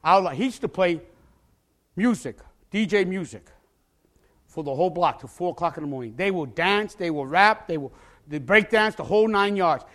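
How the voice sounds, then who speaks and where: A male pastor preaching a testimony with passion, often bursting into shouts and repeating words as he starts a phrase. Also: high-pitched, expressive, normal speed.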